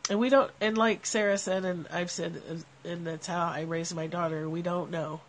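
Nasal, gravelly-voiced woman streaming live. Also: lowish voice, moderate pace, a little hiss or hum. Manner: relaxed, reflective, laughs often. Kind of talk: casual spiritual talk to live viewers.

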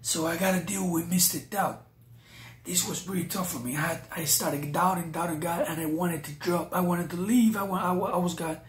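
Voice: mid-range voice, steady tone, normal speed. A preacher telling a personal testimony to viewers, often calling them "you guys.". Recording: roomy echo.

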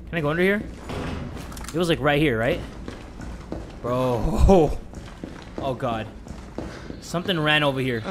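A man commentating his horror game playthrough, joking around and shouting at jump scares. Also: a little high, background noise. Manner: excitable, jokey, screams at jump scares. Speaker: gaming YouTuber. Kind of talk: let's play commentary.

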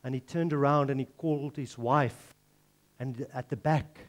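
A man's voice: medium pitch, steady tone, normal speed. A man preaching a sermon, telling a story and then earnestly pleading with his listeners. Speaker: pastor.

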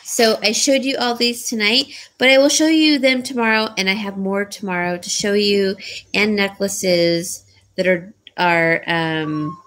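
Slow, sleepy woman selling jewelry. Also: mid-range voice, fairly even intonation, fairly bright tone. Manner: slow, sleepy, chatty, laughs often. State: tired, yawning. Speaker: jewelry seller on a live stream. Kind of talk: casual live-stream selling chat. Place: home, by a small decorated tree.

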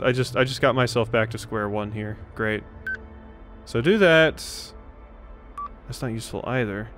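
A man's voice: medium pitch, a bit bright. Guy muttering through a puzzle game, self-deprecating, faint game music under him. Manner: self-deprecating, thinks aloud. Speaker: let's play host. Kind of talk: gaming commentary.

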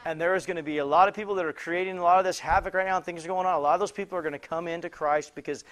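A man with a fairly high voice preaches from a church pulpit, telling a personal story. He talks in halting restarts and repeated phrases, and at times climbs into loud, emphatic cries. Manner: animated, many restarts, rising to loud exclamations. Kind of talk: sermon storytelling. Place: church sanctuary.

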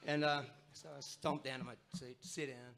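This Australian-accented bandleader, in his sixties, spins a self-deprecating, chatty yarn between numbers at a barn music venue. His medium-pitched voice is flat in delivery and fairly bright, moving at normal speed, while guitar and the band play on the live recording.

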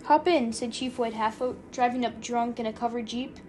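A woman's voice: a little high, little pitch movement, moderate pace, darkish tone, slight background noise. Woman narrating an audiobook.

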